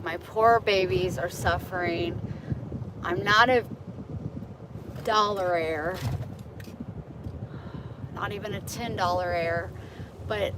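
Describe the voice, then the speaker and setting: A woman's voice: lowish voice, background noise. A woman vlogging on her phone, talking frankly to her viewers and cooing at cats. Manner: cooing baby talk to cats, then frank venting to viewers. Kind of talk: casual vlog chat. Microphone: phone held in hand.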